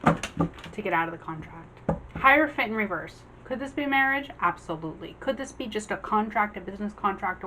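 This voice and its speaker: A woman giving a casual general tarot reading, chatty, acting out the figures on the cards in quick quoted voices. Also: medium pitch, fairly bright tone, slight background noise, low-quality recording. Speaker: tarot reader.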